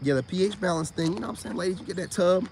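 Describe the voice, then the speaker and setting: A man giving a profane, mocking monologue, swinging between high outbursts and low mutters. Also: very fast, gravelly, a little mellow, slight background noise. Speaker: online commentator. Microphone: self-recorded video.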